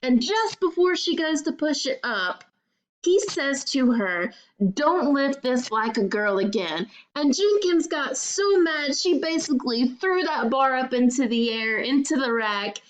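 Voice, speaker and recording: A woman's voice: high-pitched, expressive, a little slow, rough recording. A woman student giving a recorded class presentation, telling a story casually with filler words.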